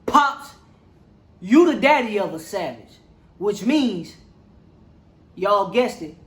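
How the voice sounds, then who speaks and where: Reviewer with a mid-pitched voice, slangy and animated plot recap, roomy echo. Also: takes it slowly. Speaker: movie reviewer.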